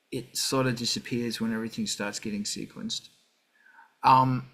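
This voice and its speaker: A middle-aged man hosting a music livestream, talking casually and ranting with heavy swearing. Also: mid-range voice.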